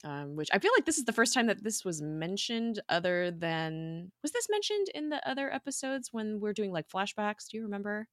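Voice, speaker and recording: A woman's voice: mid-range voice, sing-song, fairly quick, hardly any pauses, a bit bright, no echo, studio quality. A young adult woman co-hosting a podcast, chatting casually, laughing often and retelling scenes with quoted lines. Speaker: podcast co-host. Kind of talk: casual podcast recap chat.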